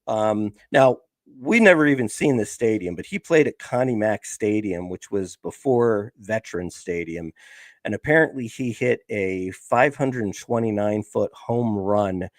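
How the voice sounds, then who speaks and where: A man's voice: on the low side, no room sound. A man, chatting casually on a sports podcast and rambling through lots of fillers. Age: 50s. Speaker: podcast host.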